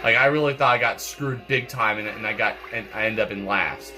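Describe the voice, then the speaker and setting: Brief: congested young male gaming host, low-ish voice, rambling casual commentary full of fillers, game music clearly audible behind. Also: fairly quick. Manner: rambling, repeats words, many fillers.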